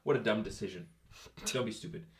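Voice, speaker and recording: A man with a somewhat low voice co-hosting a movie podcast. He runs the countdown and explains behind-the-scenes trivia in an easy, conversational way. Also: quick pace. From Canada. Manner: leads the list, explains film trivia. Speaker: podcast co-host. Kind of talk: casual chat.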